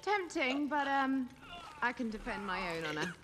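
An actress playing a sharp, haughty English scholar with a cutting manner. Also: female voice, sits high, big pitch swings, moderate pace, slight background noise.

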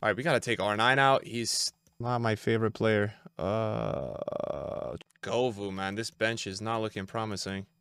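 A man's voice: on the low side, unhurried, gravelly, fairly bright tone, clear, resonant tone. A young man streaming live gameplay and talking to his chat, frustrated and trash-talking as he plays.

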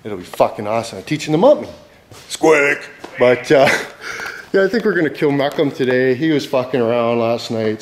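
A man's voice: mid-range voice, expressive, normal speed, a little hiss or hum. A young man vlogging while he works in a workshop, rambling, joking and swearing constantly. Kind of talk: profane casual chat while working.

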